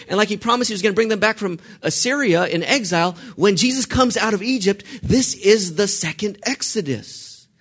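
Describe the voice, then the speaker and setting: A male pastor preaching a sermon, asking the congregation questions and swinging between hushed and forceful delivery. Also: sits high. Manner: asks the congregation questions and lets them fill in answers.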